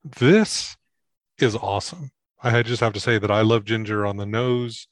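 A man with a low voice in casual podcast chat, teasing and enthusiastic as he tastes whiskey. The sound is dry and close, with no room behind him. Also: flat delivery, normal speed, dry recording. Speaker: co-host.

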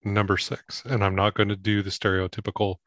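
A man with a low voice in casual podcast chat, teasing and enthusiastic as he tastes whiskey. The sound is dry and close, with no room behind him. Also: level tone, brisk, fairly bright tone, no echo. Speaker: co-host.

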